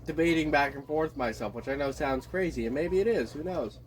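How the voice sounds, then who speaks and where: A man's voice: fairly high pitch, fairly quick, a little hiss or hum. Blunt, rambling man ranting to camera. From desert Southwest of the US. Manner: meandering, blunt, profane. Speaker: vlogger. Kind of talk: casual monologue rant.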